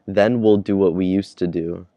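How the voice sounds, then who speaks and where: A man's voice: low-pitched, steady tone, normal speed, warm tone, no room sound. Man reading as an earnest giant king. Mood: hopeful.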